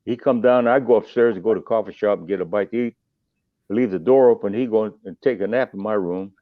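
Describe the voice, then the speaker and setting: An older musician guesting on a podcast tells long, rambling stories with salty asides and restarts. His fairly low voice moves at a quick pace, heard over a tinny, dry phone line.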